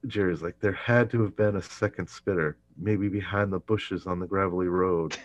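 A man's voice: deep voice, moderate pace, slight background noise. A man casually retelling a sitcom episode, acting out the lines and laughing often. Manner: animated, laughs often, many fillers. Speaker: podcast host recapping an episode. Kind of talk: casual retelling with acted quotes.

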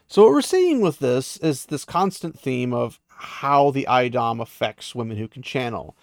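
A man's voice: medium pitch, sing-song, a little slow, vocal fry, hardly any pauses, dry recording, studio quality. A man casually recapping the plot of a fantasy novel, rambling and often restarting his sentences. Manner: rambling, many fillers and restarts. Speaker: book recapper.

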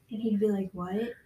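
A woman's voice: medium pitch, mellow, slight background noise, rough recording. A young woman in casual chat with a friend, laid-back and teasing, acting out imagined conversations. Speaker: friend chatting.

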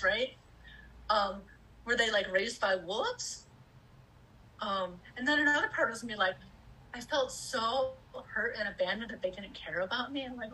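A woman's voice: on the high side, animated, unhurried, long pauses, pushed and bright, poor audio. A woman in her fifties telling a candid personal story, acting out her own inner voices and swearing casually. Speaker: speaker sharing personal experience.

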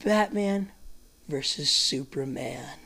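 A man's voice: mid-range voice, expressive, slow pace, gravelly, bright, forceful tone. A man co-hosting a casual podcast, crude and provoking, who introduces topics. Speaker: podcast co-host. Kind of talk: casual banter.

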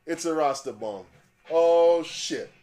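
A man hosting a podcast, ranting casually in profane, animated street slang. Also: a little high, normal speed, music in the background. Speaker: podcast host. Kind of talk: casual rant.

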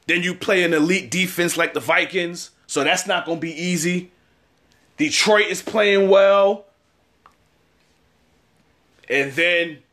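A man's voice: fairly high pitch, fairly bright tone. A man in his thirties giving a casual sports opinion segment, trash-talking rival fans with lots of repetition. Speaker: sports commentator.

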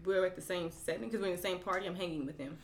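A woman's voice: fairly low pitch, steady tone, rapid-fire. A woman co-hosting a casual chat, reading out news and pushing back firmly in debate. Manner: firm, pushes back in debate. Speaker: podcast co-host.

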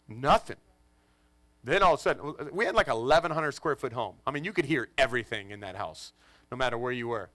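A man in his forties, a pastor telling a funny family story to his congregation in an animated, joking way. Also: medium pitch, a little fast, pauses often, dry recording. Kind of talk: storytelling sermon. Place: church in front of a congregation.

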